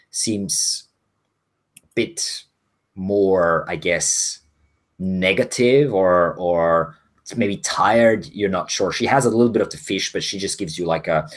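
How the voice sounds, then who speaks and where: A man with a very low, deep voice runs a tabletop role-playing game as game master. His narration is loose and rambling, full of fillers and restarts.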